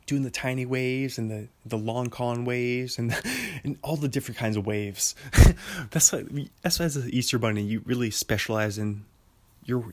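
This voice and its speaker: A young man from Washington State rambles through a casual monologue. His voice sits at an ordinary middle pitch. He leans on "like" constantly and keeps breaking into laughter at his own ideas. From Washington State, USA. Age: young adult. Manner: rambling, filler-heavy, laughs often at his own jokes. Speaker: monologue talker.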